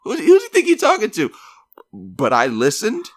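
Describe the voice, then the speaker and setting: A man's voice: high voice, huge pitch swings, moderate pace, no room sound, clean studio sound. A man co-hosting a podcast, telling a story about himself in a wry, self-mocking way with casual swearing. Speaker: podcast co-host.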